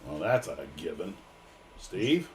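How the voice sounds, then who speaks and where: Casting note: a lower-voiced American man hosting a livestream, joking and loose. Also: sing-song, slow pace, darkish tone. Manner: joking, rambling with fillers. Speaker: livestream host. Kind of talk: casual livestream chat.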